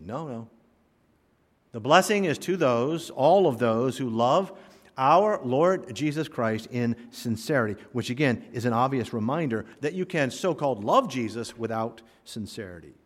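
A man's voice: medium pitch, expressive, moderate pace. A man preaching a sermon, telling stories with humor and driving home emphatic points. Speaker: pastor. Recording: long reverb of a hall.

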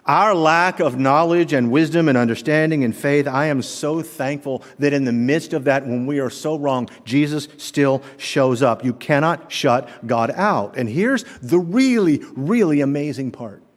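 A middle-aged man preaching a sermon as pastor, animated, asking the congregation rhetorical questions. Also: a little high, measured pace, few pauses. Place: church sanctuary. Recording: long reverb of a large hall.

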